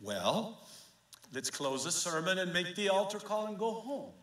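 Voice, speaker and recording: A male pastor with a high, bright voice delivers a slow, impassioned sermon, swinging between hushed storytelling and fervent pleading. His words ring through an echoey church sanctuary. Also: big pitch swings.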